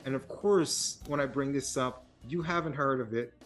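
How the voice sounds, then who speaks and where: A man co-hosting a casual film podcast, telling stories in a rambling, animated way and laughing at himself. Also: medium pitch, moderate pace, soft background music. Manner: rambling, animated storytelling with self-mocking laughs. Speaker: podcast co-host.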